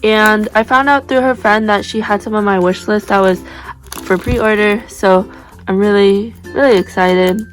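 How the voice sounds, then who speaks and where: A young woman chatting casually as she unboxes squishy toys, gushing and gasping with excitement. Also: mid-range voice, moderate pace, faint music behind. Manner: excitable, gushing, breathless gasps.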